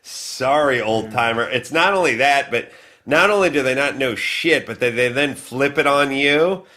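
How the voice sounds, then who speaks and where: A man's voice: mid-range voice, normal speed, pushed and bright. A man telling a rambling, sarcastic comic story on a podcast, slipping into mocking voices. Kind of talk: casual comedic storytelling.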